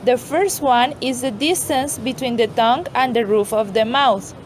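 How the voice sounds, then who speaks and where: A woman with a fairly high voice narrates a scripted pronunciation lesson. Her delivery is steady, measured and explanatory, with a faint hiss of noise behind her. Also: rough recording. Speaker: pronunciation teacher.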